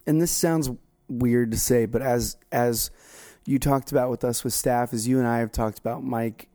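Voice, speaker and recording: A man with a warm, mellow voice talks in a loose, rambling way, often restarting his sentences. He sounds casual and self-deprecating, like a co-host chatting with a pastor. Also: medium pitch, fairly even intonation, normal speed. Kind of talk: casual conversational chat.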